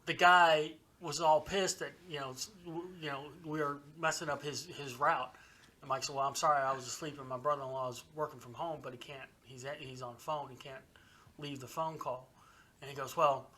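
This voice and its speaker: A man co-hosting a podcast, casually telling an animated anecdote with some swearing. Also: on the high side. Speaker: podcast co-host. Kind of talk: casual chat, storytelling.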